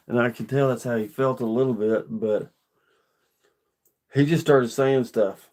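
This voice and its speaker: A man's voice: medium pitch, fairly even intonation, moderate pace, darkish tone. Middle-aged man, casual vlogger; plainspoken, rambling, earnest storyteller.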